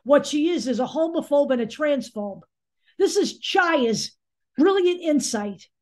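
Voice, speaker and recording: Angry, blunt, high-voiced woman commentator. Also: animated, a little slow. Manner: angry, sarcastic, blunt and profane. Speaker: political commentary host. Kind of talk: opinion commentary monologue.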